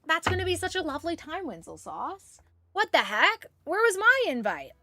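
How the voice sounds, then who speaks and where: A woman streaming a game, chatting casually and excitedly while reading chat aloud. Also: very high-pitched, moderate pace, dry recording.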